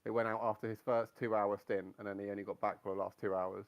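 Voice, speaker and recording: A man's voice: on the low side, level tone, fast talker. A man chatting as a sim racing teammate, rambling and blunt, swearing freely. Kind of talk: casual chat.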